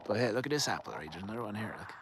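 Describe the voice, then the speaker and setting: A man's voice: on the low side, big pitch swings, very fast, noisy background. An Irish man live-streaming from a garden outdoors, rambling and joking as he reads out viewer comments. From Ireland. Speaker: livestream host. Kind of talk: casual live-stream chat.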